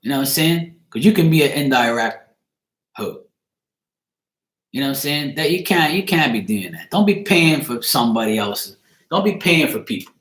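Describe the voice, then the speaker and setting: A man's voice: medium pitch, expressive, moderate pace, fairly bright tone. Blunt, rambling man in an echoey room. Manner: loose, blunt and crude, rambling with "you know what I'm saying". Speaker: tarot reader on a live stream. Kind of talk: casual live-stream reading.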